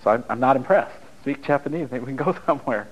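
A man's voice: mid-range voice, quick pace, highs cut off. A man giving a blunt, storytelling talk to a live audience, acting out dialogue as he goes, over a radio broadcast. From United States. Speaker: relationship speaker.

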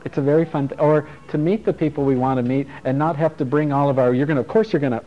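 A man's voice: fairly high pitch, fairly even intonation, fast. Middle-aged male workshop teacher, frank, loose, swears easily, dull lo-fi sound with faint music behind. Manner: frank and playful, swears and chuckles often. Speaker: self-help workshop teacher. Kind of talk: casual workshop talk to a group.

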